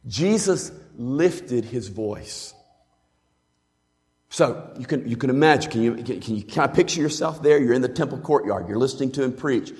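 A man's voice: mid-range voice, expressive, normal speed, darkish tone. A man preaching a sermon as a pastor, earnest and emphatic in a teaching way. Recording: long hall reverb.

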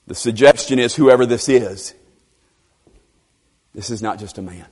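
A man preaching an expository sermon, emphatic and animated, repeating phrases for stress. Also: medium pitch, unhurried, long pauses, slightly rough. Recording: long reverb of a large hall.

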